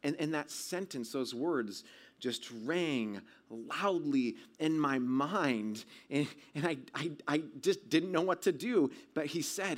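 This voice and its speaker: A man's voice: on the high side, measured pace. Man telling a dramatic sermon story. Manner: dramatic, swinging from loud shouts to hushed tones. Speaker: pastor.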